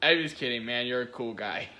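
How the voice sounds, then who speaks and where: A man's voice: mid-range voice, pushed and bright. A man giving giggly, rambling reaction-video commentary, gushing over what he watches.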